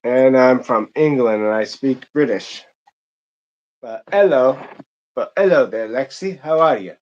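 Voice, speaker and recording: A man putting on an exaggerated British accent in a hammy, drawn-out greeting, on a dull lo-fi mic. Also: mid-range voice, a little hiss or hum, close to an everyday voice. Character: man faking a British gentleman.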